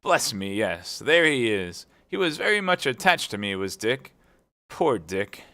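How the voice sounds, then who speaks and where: A man's voice: medium pitch, sing-song, measured pace, pushed and bright, heavily acted. A man voicing an old miser recalling his past in a near-natural voice. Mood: excited. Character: old male miser, moved and nostalgic.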